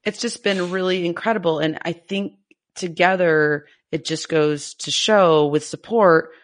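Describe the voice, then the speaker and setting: A woman co-hosting a casual podcast, talking in an emotional, halting way as she gets teary. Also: lowish voice. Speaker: podcast co-host.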